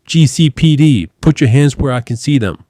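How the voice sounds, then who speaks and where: Male narrator doing a tough police captain barking orders; low voice, dry sound. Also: unhurried, darkish tone, dry recording. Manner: barking, commanding. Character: stern middle-aged male police captain.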